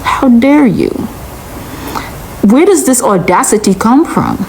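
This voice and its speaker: Speaking slowly and deliberately, a woman gives a reaction commentary, sounding incredulous as she lectures steadily and hammers the same point again and again. Her voice sits on the high side with wide pitch swings and a slightly mellow tone. The audio is poor, carrying a faint hiss or hum.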